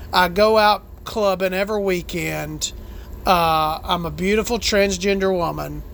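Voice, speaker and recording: A brassy, profane trans woman podcast host, played by a comedic performer, rants and rambles. The voice is bright and cutting. There is a faint hiss behind it. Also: mid-range voice. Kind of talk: comedic character monologue.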